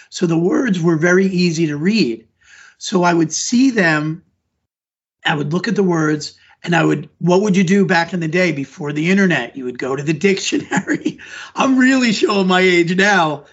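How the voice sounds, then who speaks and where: A middle-aged man speaks with a husky, somewhat high voice, earnest and rambling as he restarts sentences mid-thought. He sounds like a teacher talking through interview answers. The audio is dull and lo-fi. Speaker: elementary school teacher. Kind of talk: conversational podcast interview answers.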